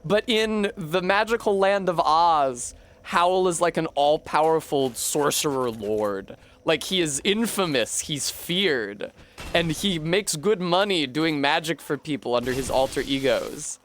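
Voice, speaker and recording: Guy streaming a game, high-ish voice, swears a lot while rambling about books. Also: lively intonation, unhurried, a bit bright, slight background noise. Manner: rambling, profane, joking retellings. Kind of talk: casual gameplay chat.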